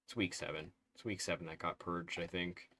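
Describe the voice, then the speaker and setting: A man with a soothing, soft-spoken voice giving casual live-stream commentary, thinking aloud, mumbling and correcting himself as he works. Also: low voice, fairly even intonation, a little fast.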